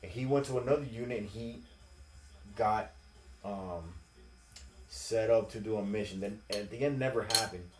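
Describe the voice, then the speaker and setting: A man in his forties, a podcast host, telling stories in casual, profane, animated chat. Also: lowish voice, normal speed, long pauses, noisy background. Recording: roomy echo.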